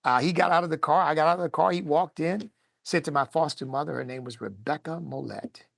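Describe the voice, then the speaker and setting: Un hombre de voz áspera y grave narra con emoción una historia personal ante su público. Alterna pasajes en voz baja, casi susurrada, con arrebatos animados. El sonido es seco y cercano, sin eco. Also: male voice, a little high, fairly quick, gravelly, no room sound, clean studio sound. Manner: animated, swings between hushed and lively. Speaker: speaker telling his life story. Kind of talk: emotional personal storytelling to an audience.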